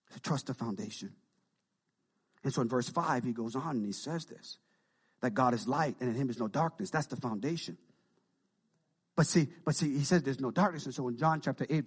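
A man preaching a sermon as pastor, animated, with frequent call-and-response asides to the congregation. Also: on the high side, breathy edge.

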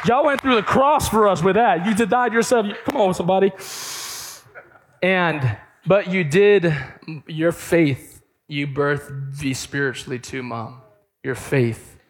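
A young man preaching, telling a lively story to the audience and acting out the other people's voices. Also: medium pitch. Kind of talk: sermon.

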